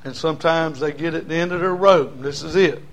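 Folksy preacher man, fairly high voice. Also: fairly quick. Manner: emphatic, repetitive cadence, folksy humor. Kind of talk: sermon. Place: church before a congregation.

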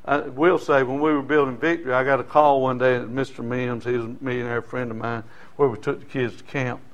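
A middle-aged man preaching a sermon, folksy and storytelling, rising now and then into shouting. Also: medium pitch, level tone, brisk, lo-fi sound. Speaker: pastor.

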